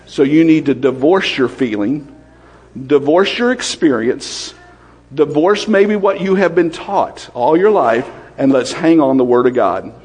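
Man, preacher, lively sermon, rapid questions to the congregation, somewhat high voice, echoing church hall. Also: husky.

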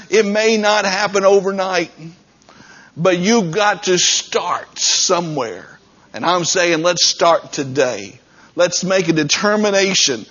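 A pastor man delivers a sermon in a conversational, direct way, with a husky voice pitched a little high. He talks plainly to his congregation. The recording is dull and lo-fi. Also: fairly bright tone.

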